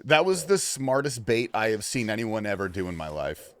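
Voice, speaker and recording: A fairly low-pitched man speaks at a normal speed while streaming a game, casually chatting and cursing as he reacts to what happens on screen and in chat. He's loose and profane, dipping into mumbled asides and then bursting out excitedly.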